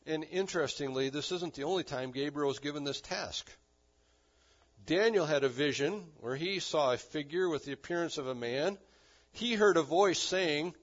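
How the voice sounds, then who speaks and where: A man preaching a sermon, animated and emphatic, with touches of dry humor. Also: on the high side, moderate pace. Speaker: pastor. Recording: dull lo-fi recording.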